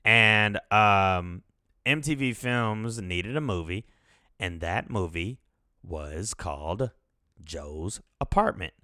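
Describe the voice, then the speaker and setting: Host, man in his 30s: unhurried, low, loose and profane chat. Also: expressive, bright, forceful tone, dry recording, studio quality. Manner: rambling, profane, laughing. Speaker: podcast host. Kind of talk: casual chat.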